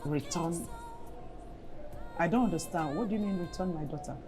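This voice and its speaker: A woman's voice: lowish voice, normal speed, over music, lightly acted. Actress as a grateful, anxious Nigerian mother. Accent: Nigerian English. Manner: surprised, effusive thanks.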